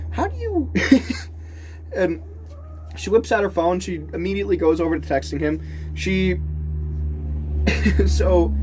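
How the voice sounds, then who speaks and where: Man, casual storytelling vlog, rambling, self-correcting, laughs a lot, animated quotes. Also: high voice, slight background noise. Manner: rambling, restarts sentences, laughs often; animated, voices the people he quotes. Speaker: vlogger telling a story.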